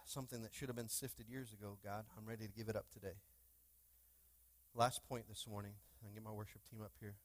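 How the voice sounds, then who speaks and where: The pastor's voice is lowish and flat, running a little fast with no echo. He preaches to his church congregation from the sanctuary, trading call-and-response questions with them and erupting in fervent bursts.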